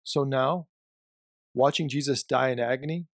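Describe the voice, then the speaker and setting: A man giving a devotional teaching, reading scripture and explaining it in a measured way with emphasis on key phrases. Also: medium pitch, no echo, clean studio sound. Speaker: Bible teacher.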